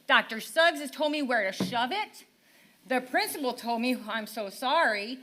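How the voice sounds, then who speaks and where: A woman's voice: high voice, expressive, normal speed, sharp tone. An older woman speaking at public comment in a town council meeting, frustrated and pleading, her voice at times breaking.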